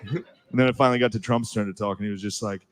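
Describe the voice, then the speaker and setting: A male comedian telling an animated story, laughing as he goes, with a live crowd behind him. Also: fairly low pitch, racing.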